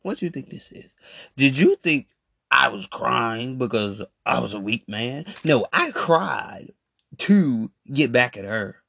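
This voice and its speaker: Man, husky gravelly voice, swinging pitch, animated slangy rant, dry close phone mic. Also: takes it slowly, dry recording. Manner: animated, repetitive, slangy ranting. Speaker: podcast host. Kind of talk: casual ranting monologue. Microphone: phone voice message.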